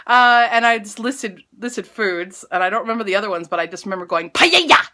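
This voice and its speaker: A woman vlogger in her late twenties or thirties, telling a story in a casual, animated, self-mocking way, her pitch jumping up for emphasis. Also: fast talker.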